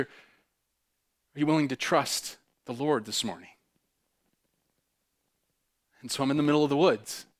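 Impassioned male preacher, loud then hushed. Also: on the high side. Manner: impassioned, swings between loud bursts and hushed intimate tones; repeats phrases for emphasis. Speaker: pastor. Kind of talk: sermon.

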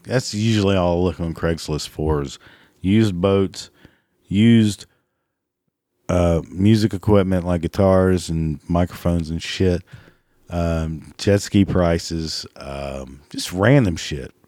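Man, crude exasperated ranter, slow drawl, dry sound, cracking voice. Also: deep voice, warm tone, dry recording. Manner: crude, exasperated, laughs at his own jokes. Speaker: comedic ranter. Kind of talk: profane comedic rant.

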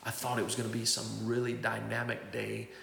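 A man's voice: lowish voice, completely flat delivery, a little fast, vocal fry, fairly bright tone, a little hiss or hum. A man preaching a testimony, telling his story and acting out the voices of the people he quotes. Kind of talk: testimony sermon. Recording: echoey hall.

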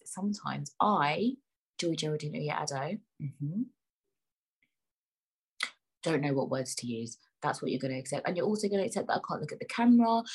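A woman chats alone on her podcast, wandering from topic to topic with jokes at her own expense. Her voice sits low and has a husky grain to it. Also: rough recording. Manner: joking, chatty, self-mocking. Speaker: podcast host. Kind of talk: rambling solo podcast chat.

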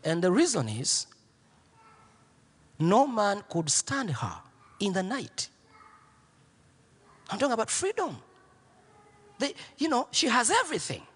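A man preaching as pastor, telling a story with repeated lines and swinging from hushed near-whispers to shouts. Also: sits high, huge pitch swings, a little slow, pauses often, husky, long reverb tail. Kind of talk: sermon.

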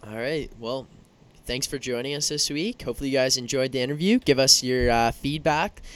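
A man co-hosting a podcast, wrapping up casually with lots of fillers. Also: medium pitch. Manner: friendly, filler-heavy, hurried wrap-up. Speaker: podcast co-host.

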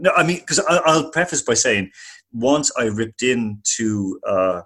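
Husky, animated male host. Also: mid-range voice, measured pace. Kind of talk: podcast interview.

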